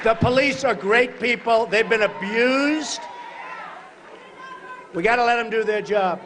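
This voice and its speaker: A man giving a campaign rally speech in a large hall, emphatic and repetitive, often shouting short phrases to the crowd. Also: very high voice, unhurried, background noise. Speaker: political candidate at a rally. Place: large hotel event hall, live rally. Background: crowd of supporters.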